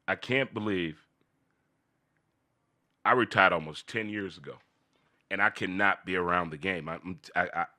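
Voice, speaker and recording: A man hosts an unscripted midday talk show in a bright, forceful voice. His pitch swings widely as he repeats phrases and talks to himself.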